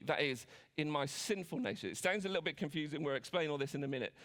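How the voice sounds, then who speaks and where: A man's voice: a little high, fast, a bit bright, long reverb tail. A man with an English accent preaching a sermon in a chatty way, with frequent restarts and asides.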